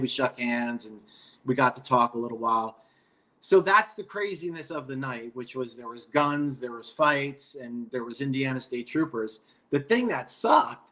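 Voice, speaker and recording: A middle-aged man from New York, a guest guitarist telling a road story in a relaxed, rambling way with casual swearing. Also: mid-range voice, poor audio.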